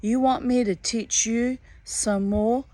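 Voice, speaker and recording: A woman's voice: fairly high pitch, steady tone, slow, dark tone, no room sound, pitched above the performer's own voice. A woman voicing a grinning, hairy male conjure man from the swamp in a storybook reading, boastful and drawling. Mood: taunting.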